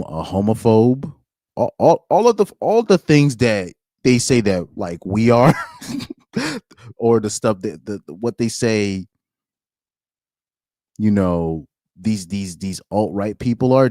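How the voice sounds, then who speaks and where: A young man with a deep, low voice gives casual reaction commentary. He reads posts aloud and breaks off into incredulous asides and half-finished restarts. The sound is close and dry, with no room around it. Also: a little mellow, no room sound. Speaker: commentary streamer.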